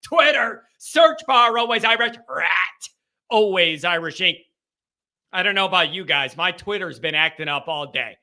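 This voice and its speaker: A male host of a sports call-in show, talking in an excited, emphatic way. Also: high-pitched, unhurried. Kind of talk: fan radio call-in chat.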